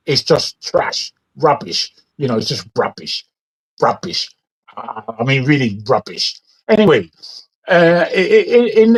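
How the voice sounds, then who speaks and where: A man's voice: fairly high pitch, poor audio. A man with a British accent hosting a news talk show, giving opinionated, rambling commentary and repeating words when he gets worked up. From Britain.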